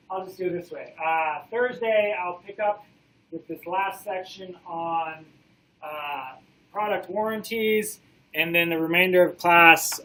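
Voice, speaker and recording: A man lecturing a college class in a casual manner, filling pauses with "uh" and checking in with the students, his voice going hoarse. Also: on the high side, pushed and bright, low-quality recording. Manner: casual, many "uh" fillers, checks in with "okay?". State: losing his voice.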